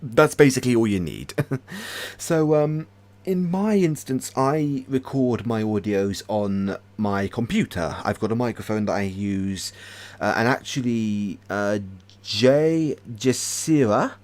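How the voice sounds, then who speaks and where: A man hosting a casual livestream, answering viewer questions in a hesitant way with many pauses and fillers. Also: medium pitch, expressive, a little mellow. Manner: hesitant, with frequent ums. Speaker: ASMR creator hosting a livestream. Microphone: desk USB microphone.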